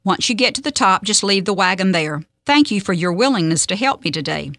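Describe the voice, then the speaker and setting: A woman hosting a radio devotional, reading a story and scripture in a steady, measured way. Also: medium pitch. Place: radio studio.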